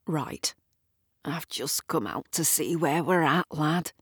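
A woman doing a gruff, muddled old man. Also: low-pitched, takes it slowly, fairly bright tone, no room sound, clean studio sound, heavily acted. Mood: earnest.

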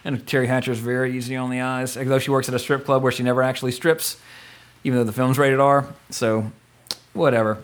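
A man co-hosting a casual movie podcast, rambling through trivia and getting excited and joking as he goes. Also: mid-range voice, fast. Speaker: podcast co-host.

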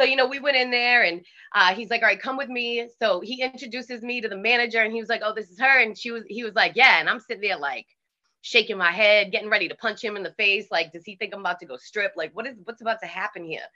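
A woman with a Boston accent, a DJ telling stories in a casual interview, animated and swearing freely. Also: mid-range voice, fast, muffled recording. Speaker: DJ guest.

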